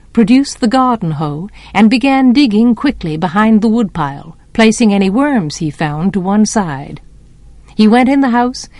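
A woman reading a novel aloud as an audiobook narrator, measured and expressive. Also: on the high side, dry recording. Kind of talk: storybook narration.

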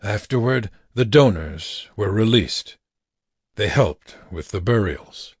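A man narrating an audiobook in a slow, measured reading. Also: on the low side, animated, dry recording, studio quality. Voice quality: gravelly, husky.

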